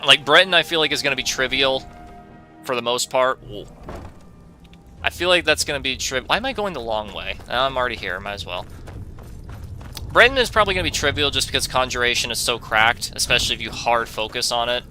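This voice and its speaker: A man talking over his own gameplay in a very bright, sharp voice. He rambles in a casual way, with wry, jokey asides to his viewers. A little music sits faintly behind him. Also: medium pitch, expressive, fairly quick. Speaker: gaming video host. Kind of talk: casual let's-play commentary.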